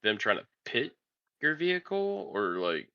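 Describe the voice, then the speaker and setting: A man's voice: mid-range voice, big pitch swings, a little slow, clear, resonant tone, dry recording, lo-fi sound. A man joking around as a guest on a casual podcast chat, laughing often.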